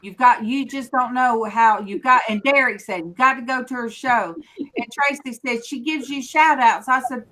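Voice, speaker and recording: A woman's voice: fairly high pitch, moderate pace, sharp tone. A woman hosting a casual group chat in a folksy, chatty way. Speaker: show host.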